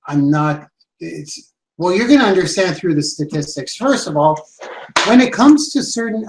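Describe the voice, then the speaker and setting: A man giving an energetic sales training talk, repeating his key points for emphasis. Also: high-pitched. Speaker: sales and branding coach. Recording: roomy echo.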